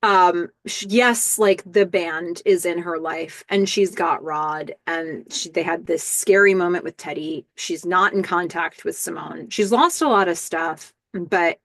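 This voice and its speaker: A woman's voice: lowish voice, unhurried, hardly any pauses, no echo, clean studio sound. A woman hosting a casual recap podcast, chattily walking through scenes step by step with the odd filler. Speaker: podcast host.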